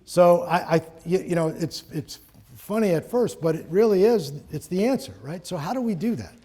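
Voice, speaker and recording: A man's voice: high voice, expressive, normal speed, dark tone. A middle-aged man from Connecticut presenting a live seminar in a conversational, joking way, to an audience in a room. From Connecticut, USA.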